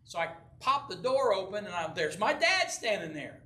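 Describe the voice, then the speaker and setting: A man's voice: very high-pitched, sing-song, brisk, hardly any pauses, bright, forceful tone. An older man preaching a sermon and telling a folksy personal story, playing out the voices of the people in it. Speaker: pastor. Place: church sanctuary. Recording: echoey church from a distance.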